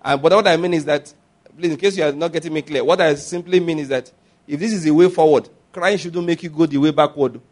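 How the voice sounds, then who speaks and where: A man delivers a sermon in a bright, high-pitched voice. He is animated and storytelling, mimicking the people he quotes and laughing between points. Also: fast talker. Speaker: pastor.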